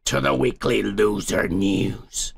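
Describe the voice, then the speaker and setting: A man's voice: lowish voice, slow pace, vocal fry, heavy background noise. A man hosting a podcast, talking in a crude, rambling, profane way and laughing often. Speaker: podcast host. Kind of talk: crude casual chat.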